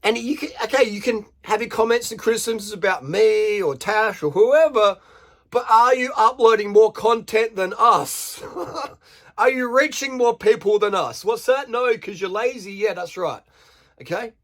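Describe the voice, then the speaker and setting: A man's voice: sits high, a little slow, a bit bright. An Australian man ranting bluntly to camera, swearing freely and firing rhetorical questions at his viewers. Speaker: vlogger. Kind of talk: unscripted rant to camera.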